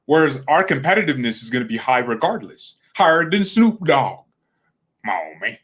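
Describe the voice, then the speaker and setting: A man with a slightly high, fairly bright and slightly rough voice talks a little fast, very animated. Hosting a football fan channel, he rants casually and bluntly to camera, trash-talking players and rivals and repeating words as he gets heated.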